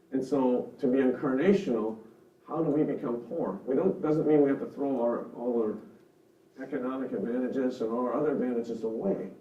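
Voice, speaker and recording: A man's voice: mid-range voice, warm tone. A man teaching a church seminar in an earnest, conversational way, explaining with examples. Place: seminar room. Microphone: microphone over a room speaker system. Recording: roomy, distant, dull sound.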